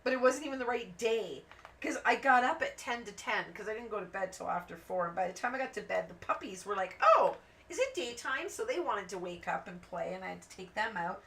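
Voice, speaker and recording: A woman's voice: mid-range voice, a little fast, creaky. A woman hosting a craft channel, chatting and telling rambling stories while she colors, acting out the voices of the people in them. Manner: rambling, animated anecdotes with acted-out quotes. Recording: voice a bit distant from the mic, faint background noise.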